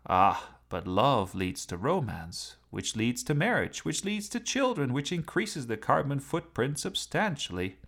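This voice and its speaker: A haughty talking sports car, as a male narrator puts it on, lectures in a dry, wry tone. The voice sits higher than a plain telling and swings widely in pitch. A gravelly edge runs under it, like a storybook reading. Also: very animated, measured pace, few pauses, fairly bright tone, heavily acted.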